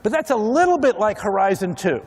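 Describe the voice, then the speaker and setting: Male keynote speaker, high lively voice, hall reverb. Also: brisk, husky. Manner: animated, acts out other people's voices. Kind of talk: conference keynote talk. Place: large conference hall.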